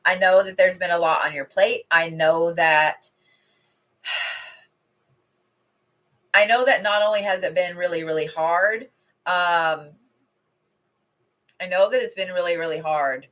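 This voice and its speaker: A middle-aged woman talks from home in a loose, rambling way, swearing casually between card readings. Her voice is bright and forward but sits a little low. She sounds like a host chatting live with regular viewers. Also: slow pace, pauses often. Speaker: intuitive card reader.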